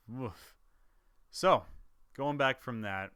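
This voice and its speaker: A man's voice: medium pitch, lively intonation, normal speed, a bit bright, no room sound, studio quality. A man, a gaming YouTuber, chatting casually to camera about his year, rambling with restarts and chuckles.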